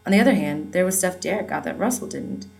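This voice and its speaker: A woman's voice: lowish voice, animated, fast talker, gravelly, a little mellow, rough recording. Wry woman narrating a novel. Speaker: audiobook narrator. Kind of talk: first-person novel narration.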